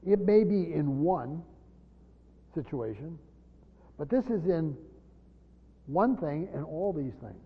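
A man's voice: on the high side, expressive, slow pace, pauses often, slightly rough. Man teaching scripture in an echoing hall. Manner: emphatic, swinging between loud stresses and quiet asides. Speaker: pastor teaching a Bible study. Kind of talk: expository Bible teaching. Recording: dull lo-fi sound in a large echoing hall.

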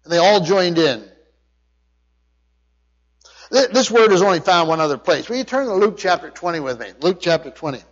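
Emphatic preacher in a reverberant hall. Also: male voice, high voice, animated, normal speed, pauses often. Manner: emphatic preaching with frequent restarts and word study. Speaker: pastor. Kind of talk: sermon. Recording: dull sound with long hall reverb.

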